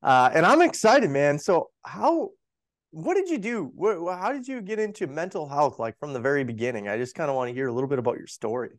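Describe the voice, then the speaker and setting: A man's voice: fairly high pitch, big pitch swings, brisk, dry recording, studio quality. A man with a North Dakota accent hosting a podcast, enthusiastic and full of "um" and "guys". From North Dakota, USA. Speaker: podcast host.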